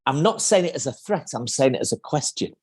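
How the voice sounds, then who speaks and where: A man's voice: medium pitch, lively intonation, fairly quick, husky. A man speaking on a live video call as an interview guest, thinking aloud with restarts and acting out sales lines.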